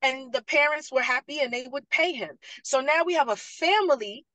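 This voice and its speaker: A woman's voice: sits high, normal speed, no echo, rough recording. A woman, a parent liaison telling stories in a casual panel talk and acting out what others said. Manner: animated storyteller, acts out quotes. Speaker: parent liaison and program graduate.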